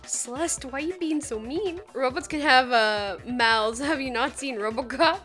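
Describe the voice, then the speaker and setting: A woman's voice: high voice, normal speed, a bit bright, faint music behind. A woman with a Saskatchewan accent, chatting casually on a game stream, giggling often and swearing casually. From Saskatchewan, Canada. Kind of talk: casual gaming stream chat.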